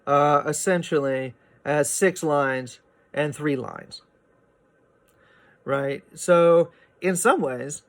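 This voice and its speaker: A man teaching a poetry lesson, explaining meter in a relaxed way, often checking in with "right?" and filling pauses with "uh" and "um.". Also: a little high. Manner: explanatory, frequent "right?" and "uh" fillers. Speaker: literature teacher. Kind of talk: recorded poetry lecture.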